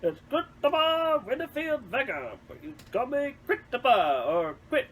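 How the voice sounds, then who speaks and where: A woman voicing a pompous grown man, a Santa lookalike, speaking slowly in a homemade story reading. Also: high voice, big pitch swings, slight background noise, voice pushed up.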